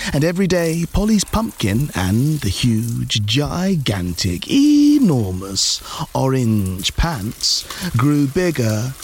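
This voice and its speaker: A man reads a children's story aloud at an unhurried pace. His voice swoops up and down with lively expression, and he savors each repeated word. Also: medium pitch. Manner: slow, expressive, lingering on repeated words.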